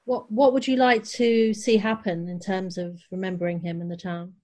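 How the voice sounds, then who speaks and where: Woman interviewer, mid-pitch, gentle and measured questions. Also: little pitch movement.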